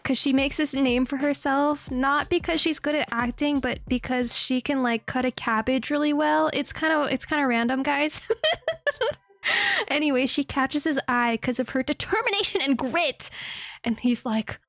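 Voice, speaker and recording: A young adult woman streamer chatting casually, giggly and excitable, on a desk mic. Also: high-pitched, normal speed, gravelly, no room sound, studio quality. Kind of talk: casual chat.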